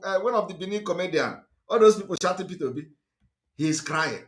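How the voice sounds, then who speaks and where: A man's voice: high-pitched, brisk, fairly bright tone. A man with a Nigerian accent gives a fiery, repetitive, emphatic political monologue as a livestream host.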